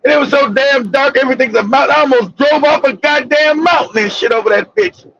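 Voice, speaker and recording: A man hosting a casual talk show, telling rambling, profane stories with bursts of shouting. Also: very high-pitched, fairly quick, creaky, slight background noise. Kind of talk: casual storytelling chat. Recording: dull lo-fi audio.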